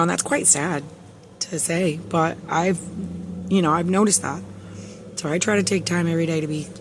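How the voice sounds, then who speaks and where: A woman giving a casual spiritual tarot reading, soft-spoken and reassuring, with many fillers, sometimes reading passages aloud. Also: low-pitched, gravelly, slight background noise. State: emotional, near tears. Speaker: tarot reader.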